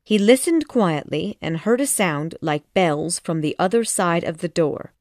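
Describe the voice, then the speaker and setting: A woman narrating a children's classic audiobook in a measured, expressive storytelling manner. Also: on the low side, dry recording, studio quality.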